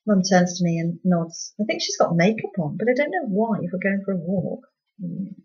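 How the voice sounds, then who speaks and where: Brief: woman reading her novel aloud, dry first-person narration, middle pitch, lo-fi sound. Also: sing-song, normal speed, a little mellow.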